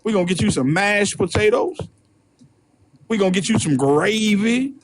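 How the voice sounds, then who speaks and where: A man's voice: high voice, lively intonation, moderate pace, slight background noise. A man voicing a smug slave master who coaxes with patronizing promises. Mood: cajoling. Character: smug scheming male slave master, cajoling.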